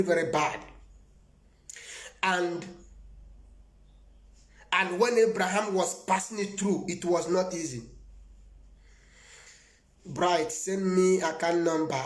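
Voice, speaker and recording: A man's voice: sits high, roomy sound. A man with a Nigerian accent, a prophet preaching live to his viewers. He rambles emphatically, laughs often and answers viewers by name.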